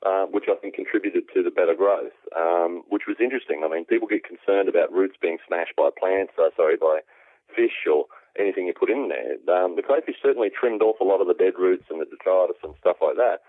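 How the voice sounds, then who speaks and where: A man with an Australian accent, an aquaponics specialist, explaining things at length in a relaxed way with many ums, heard over a phone call. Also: deep voice, a little fast, dry recording. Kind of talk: explanatory interview answers. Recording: tinny phone line, dry.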